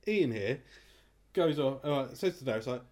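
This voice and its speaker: A man chatting casually on a podcast, telling a game story in an animated way and swearing freely. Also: mid-range voice. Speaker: podcast co-host. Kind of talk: casual chat.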